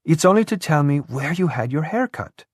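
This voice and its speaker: A man's voice: on the high side, lively intonation, normal speed, dry recording, studio quality, pitched above the performer's own voice. A man voicing a shy, eager young woman who speaks in a breathless, apologetic way.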